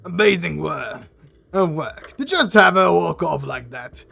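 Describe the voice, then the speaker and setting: A man voicing a boastful male dwarf leader, reading his lines aloud loudly and stumbling over words. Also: on the high side, animated, a little slow, vocal fry, slight background noise, heavily acted. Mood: admiring.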